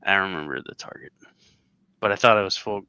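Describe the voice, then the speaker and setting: A man in his thirties chatting casually as a co-host and reacting to clips, laid-back and quick to laugh. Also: low voice, bright, forceful tone, highs cut off, a little hiss or hum. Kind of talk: casual chat.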